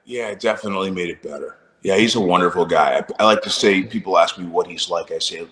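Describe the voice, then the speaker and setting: A man who is a musician guest, telling a casual anecdote in a relaxed, wry way during an interview. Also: low-pitched, quick pace, few pauses, roomy sound.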